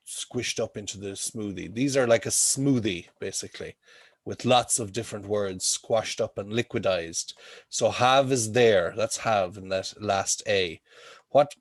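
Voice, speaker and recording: A man's voice: fairly low pitch, dry recording. Man teaching English over a video call. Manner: explains with homely comparisons, checks in with frequent "okay?". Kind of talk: online class teaching.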